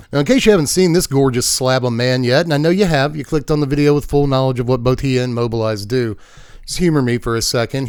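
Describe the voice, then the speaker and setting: A man's voice: mid-range voice, a little mellow, no room sound, studio quality. A man hosting a casual card game deck tech, jokey and playful with punchy asides. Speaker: card game YouTube host.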